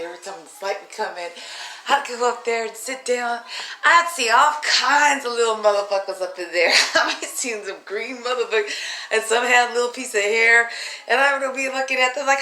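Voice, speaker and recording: A woman telling a rambling personal story in a casual vlog, animated and profane, laughing often. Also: a little high, a little hiss or hum. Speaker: vlogger. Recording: roomy echo.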